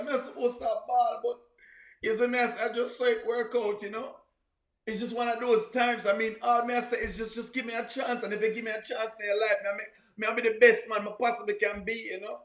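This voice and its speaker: A man voicing a remorseful man who softly, ramblingly begs a woman for another chance. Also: high-pitched, level tone, fast talker, reverberant. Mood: pleading. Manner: pleading, soft, rambling. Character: remorseful man begging a woman to take him back.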